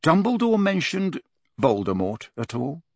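A guarded teenage schoolboy answers in short, low-key phrases, voiced by a male narrator close to his own voice. The reading is dry and intimate. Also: very animated, a little slow, a little mellow, no room sound, exaggerated voice.

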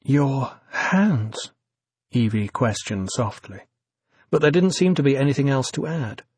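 A man narrating an audiobook in a measured, even reading. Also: medium pitch, breathy edge, no room sound.

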